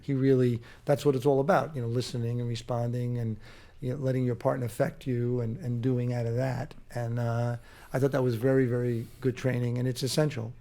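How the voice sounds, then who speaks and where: A man being interviewed on stage as a guest actor, talking in a halting way with many restarts and fillers. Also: mid-range voice, little pitch movement, dark tone. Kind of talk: casual interview on a live stage. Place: theater stage before a live audience.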